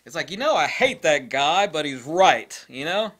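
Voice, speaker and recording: A man's voice: on the high side, animated, moderate pace, fairly bright tone, husky. A man ranting in a sarcastic, exasperated monologue about camera habits, often mocking others. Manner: exasperated, sarcastic, mocks others in put-on voices. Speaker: photography vlogger.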